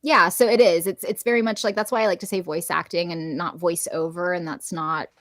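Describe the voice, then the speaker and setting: A woman guest on a podcast, a voice actor chatting casually and lively, laughing often. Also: fairly low pitch, brisk, no room sound. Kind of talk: casual podcast interview chat.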